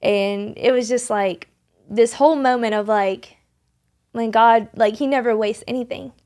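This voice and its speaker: A woman's voice: a little high, fairly even intonation, measured pace, darkish tone. A young woman guest on a podcast, earnestly telling a faith story in conversation, rambling with many restarts and fillers. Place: podcast studio.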